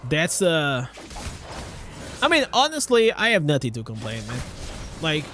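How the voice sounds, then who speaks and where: A man's voice: fairly high pitch, wildly swooping pitch, a little slow, fairly bright tone, slight background noise. A young man with a Portuguese accent chatting casually on a live stream, often restarting his words and swearing now and then.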